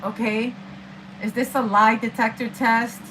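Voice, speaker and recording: A woman's voice: on the high side, level tone, a little slow, a bit bright, a little hiss or hum, poor audio. A woman doing a casual, rambling tarot reading, swearing often and using street slang. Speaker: tarot reader. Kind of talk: casual spiritual reading monologue. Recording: music playing behind.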